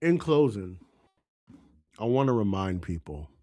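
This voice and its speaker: A man's voice: fairly low pitch, sing-song, unhurried, dark tone, no echo, clean studio sound. A man giving an impassioned political monologue as a commentator, exhorting listeners with fervent, urgent appeals.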